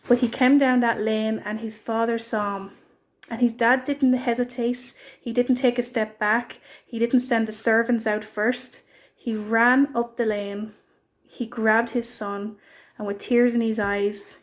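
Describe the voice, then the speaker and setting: Woman's gentle devotional message. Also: fairly high pitch. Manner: earnest storytelling. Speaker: church speaker.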